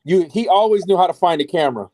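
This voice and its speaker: A man on a podcast panel, talking quickly and eagerly and cutting in over the others. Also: high-pitched, lively intonation, warm tone. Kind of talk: casual panel chat.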